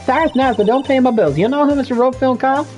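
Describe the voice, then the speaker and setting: A woman voicing a loud, nosy Southern woman photographer with an exaggerated put-on Southern drawl, folksy and bossy. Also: sits high, fast, soft background music, voice pushed up, lightly acted. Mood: scolding.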